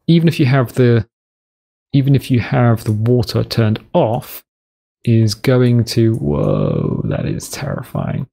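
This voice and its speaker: British guy rambling over a game map editor, gravelly kinda husky voice. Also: mid-range voice, warm tone. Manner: rambling, self-deprecating, digressive. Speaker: gaming video host. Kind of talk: rambling let's-play commentary.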